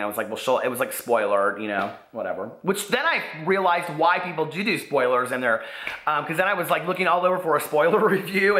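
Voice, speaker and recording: Casting: chatty American book vlogger, male, bright voice a bit high, echoey room. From United States. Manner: chatty, animated, self-deprecating. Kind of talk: casual chat.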